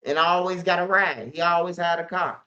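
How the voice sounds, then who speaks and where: Man, bright higher voice, casual storytelling, street slang, dull lo-fi audio. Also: steady tone, a little fast. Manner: streetwise slang, repeats "bro" often. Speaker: host.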